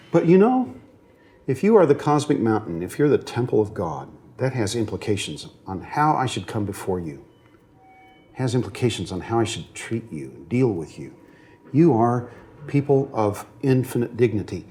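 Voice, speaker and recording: A man's voice: lowish voice, darkish tone. A man lecturing as a seminary professor in a classroom, earnest and at times emotional, often checking whether his students follow. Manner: earnest, grows emotional on moving points; frequent fillers and restarts.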